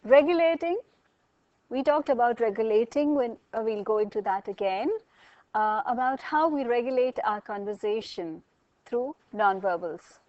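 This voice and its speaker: A woman's voice: fairly high pitch, normal speed, no room sound, muffled recording. A woman lecturing a college class, asking students questions and explaining with everyday examples.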